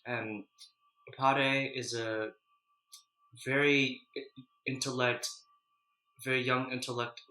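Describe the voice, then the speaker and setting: A man casually chatting while eating spicy noodles, clearing his throat and sniffling, then recapping an anime in a loose, rambling way. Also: mid-range voice, little pitch movement, slow pace, pauses often, bright, forceful tone, roomy sound, rough recording. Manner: chatty, loose, with frequent restarts and "you know". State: runny nose from spicy food, clearing throat. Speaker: mukbang vlogger.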